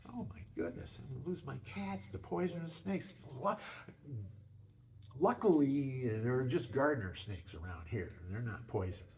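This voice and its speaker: An older man tells homespun stories about his house, his cats and hunting. He rambles, trips over his words and restarts often. His voice sits at an everyday middle pitch for a man. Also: creaky, a little hiss or hum. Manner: rambling, folksy, many restarts. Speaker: home video maker. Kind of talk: casual storytelling.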